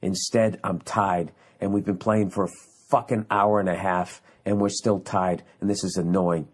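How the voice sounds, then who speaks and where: A man's voice: low voice, little pitch movement, moderate pace. A man in his forties hosting his own podcast, telling a story in a heated, profane, ranting way. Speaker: podcast host. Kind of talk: casual solo podcast monologue.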